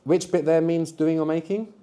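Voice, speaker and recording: A man's voice: a little high, fairly even intonation, moderate pace, warm tone. A man teaching a live beginners' language workshop to students in a classroom, patient and encouraging, explaining step by step. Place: university classroom.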